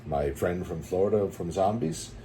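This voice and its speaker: A man hosting a casual chat, playful and quick to slip into put-on voices and quotes. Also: deep voice, lively intonation, warm tone, slight background noise. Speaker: podcast host.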